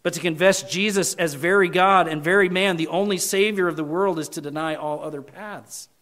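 A man with a fairly high voice, preaching a sermon from the pulpit. He drives his points home with loud emphasis, then drops to a quiet, earnest appeal. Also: a little fast. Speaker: pastor.

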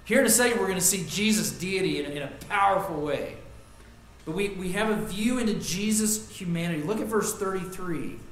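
Earnest preacher in an echoey church. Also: male voice, high voice, a little hiss or hum. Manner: earnest preaching, rising loud on lists and quotes, dropping soft on personal stories. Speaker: pastor. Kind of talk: sermon.

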